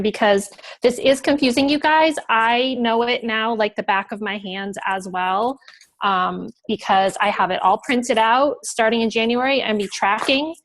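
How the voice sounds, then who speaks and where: Earnest, higher-voiced woman team leader. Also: dry recording. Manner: earnest, passionate, emotional. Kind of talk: heartfelt thanks on a team call.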